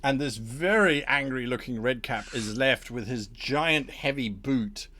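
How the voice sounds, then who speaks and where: A man's voice: mid-range voice, unhurried, bright, forceful tone. A man narrating as game master for a tabletop game, playful and chuckling as he tells the story.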